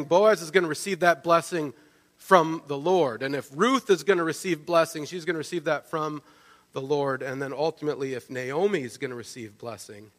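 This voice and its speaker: A man preaching a sermon, telling the story in a lively way and often checking in with "right?". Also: a little high. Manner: animated storytelling, with frequent restarts and "right?" asides. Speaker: pastor. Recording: long reverb of a large hall.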